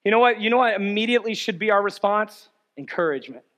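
A man preaching a sermon as a pastor, shifting between shouted exhortation and quiet, chatty storytelling. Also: high voice, lively intonation, quick pace.

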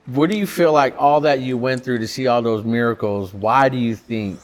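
A man's voice: medium pitch, moderate pace. A man hosting a podcast, nodding along with short replies and asking reflective questions. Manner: brief affirmations, reflective questions. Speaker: podcast host. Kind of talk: interview.

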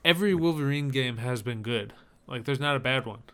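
Smooth-voiced chatty podcast host man. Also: mid-range voice, a little fast, bright, forceful tone. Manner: chatty, rambling show announcements. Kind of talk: casual podcast banter.

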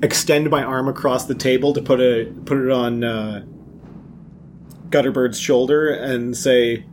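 Male player, slow hesitant delivery, mid pitch, faint background hum. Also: steady tone, darkish tone. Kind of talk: playing a tabletop game.

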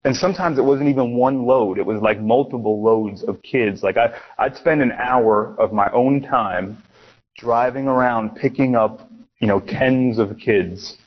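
A man's voice: medium pitch, measured pace, muffled recording. A man from Miami preaching a sermon, telling personal stories in a casual, conversational way with frequent restarts. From Miami, USA.

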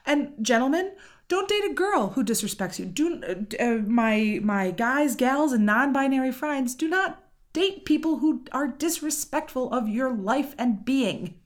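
Woman co-host, kinda high voice, blunt and sweary, fired up. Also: expressive, measured pace. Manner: blunt, swears freely, emphatic. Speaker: podcast co-host. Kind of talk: casual chat.

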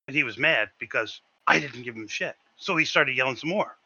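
A man tells a story on a casual podcast, his voice bright and forceful and lively in pitch. He swears freely and talks with animated energy. The sound is dry and a little dull. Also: fairly quick, few pauses, breathy edge, dry recording. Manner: animated, swearing, acts out shouted quotes. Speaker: podcast co-host.

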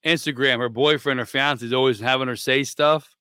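Bright, crisp blunt-talking man. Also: medium pitch, steady tone, brisk, no echo, clean studio sound. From Florida. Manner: blunt, opinionated, swears freely. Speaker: podcast co-host. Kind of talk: casual chat.

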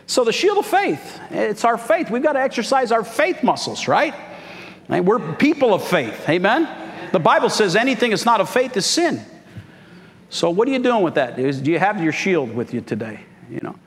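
A man's voice: sits high, very animated, normal speed, in a large hall. A man pastor preaching a sermon, calling out for "Amen" from the congregation. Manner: call-and-response preaching, frequent "Amen?". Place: church sanctuary.

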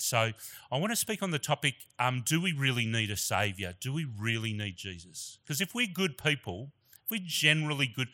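A man's voice: mid-range voice, bright, forceful tone. A middle-aged man with an Australian accent, preaching as a guest pastor in a church in an earnest, chatty and openly emotional way. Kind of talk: sermon with personal storytelling.

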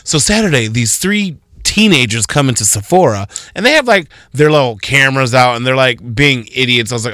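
A man's voice: mid-range voice, brisk, hardly any pauses, pushed and bright, smooth, dry recording, clean studio sound. A man in his thirties co-hosting a morning radio show, telling a story with sass and animation. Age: 30s. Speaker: radio co-host. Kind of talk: casual radio banter.

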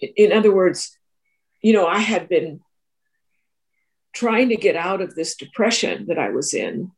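This woman, a Three Principles teacher and therapist, has a fairly low, animated voice and takes her time. In an interview she earnestly shares a reflective personal story, often repeating and restarting phrases.

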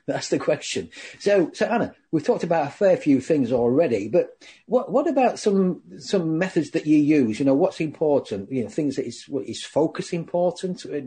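A man's voice: medium pitch, dark tone. A man hosting a radio talk show, chatty and upbeat as he talks with his guest.

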